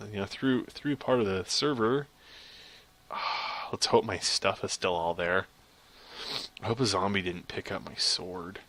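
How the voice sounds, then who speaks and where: A man giving casual, chatty commentary over his own gameplay, excitable and quick to laugh at himself. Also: on the low side, no room sound. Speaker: gaming video creator.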